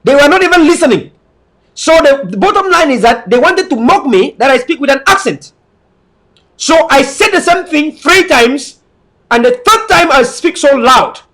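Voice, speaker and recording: Man from cameroon with a very high voice preaching at his viewers, repeats himself a lot, english not his first language. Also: expressive, moderate pace, a bit bright. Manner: emphatic, repetitive, preaching. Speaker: online commentator. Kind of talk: lecturing monologue to viewers.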